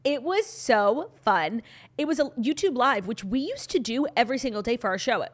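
A woman co-hosting a podcast in casual chat, gushing and full of "like" fillers, her voice a little hoarse. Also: a little high, animated, normal speed. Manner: chatty, gushing, lots of "like" fillers. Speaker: podcast co-host.

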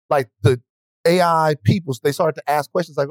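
A man's voice: fairly high pitch, normal speed, no room sound. A man hosting a podcast in casual chat, rambling and restarting often, with plenty of profanity. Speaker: podcast host.

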